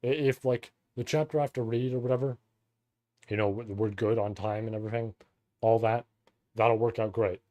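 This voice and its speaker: A man streaming a live read-through of a novel, reading passages and breaking off into casual, profane, excited reactions. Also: mid-range voice, normal speed, no room sound.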